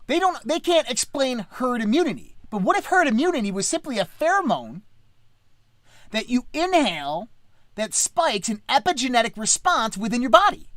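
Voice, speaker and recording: A woman's voice: sits high, a bit bright, dry recording, clean studio sound. Emphatic woman host, preachy rant. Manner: emphatic, preachy, swears freely. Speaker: podcast host. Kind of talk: impassioned casual rant.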